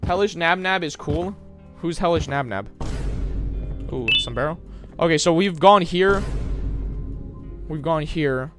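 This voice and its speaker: A young man streaming a horror game live, chatting with his viewers and yelling whenever he gets scared. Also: fairly high pitch, unhurried, long pauses, music in the background. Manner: loud, jumpy, yelling at scares, chatting to chat.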